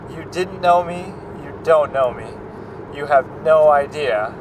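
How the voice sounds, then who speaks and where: A man playing a calm, gloating male cult leader villain, delivering his lines slowly and quietly. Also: on the high side, background noise, natural voice.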